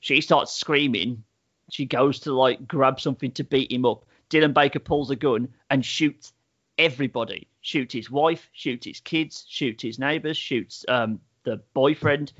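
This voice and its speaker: A man chats loosely through a show's plot, stacking up "like" fillers and the odd swear word. His voice sits at an ordinary middle pitch, and the recording sounds a little dull and muffled. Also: unhurried, a bit bright. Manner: rambling storyteller, many "like" fillers, swears freely. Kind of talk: casual chat, reviewing a TV show.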